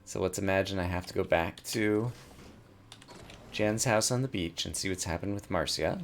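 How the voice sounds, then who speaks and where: Let's play host, male, low-pitched, reads dialogue aloud with wry asides, faint background music. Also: moderate pace. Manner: reads game text aloud and comments wryly.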